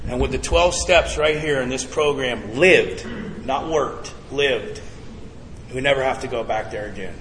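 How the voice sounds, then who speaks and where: A man's voice: mid-range voice, normal speed, hardly any pauses, a little hiss or hum. A man sharing his recovery story to a live group at a twelve-step meeting, earnest and emphatic, often calling the crowd guys. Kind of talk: personal testimony to a live group. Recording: echoey hall with background ambience.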